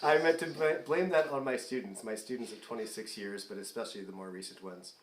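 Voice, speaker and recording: A man's voice: mid-range voice, fairly quick, reverberant, slight background noise. A man in his forties hosting a concert from afar, chatting casually between songs in a self-deprecating way and often laughing. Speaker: singer hosting a fundraising concert. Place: performing remotely, away from the stage.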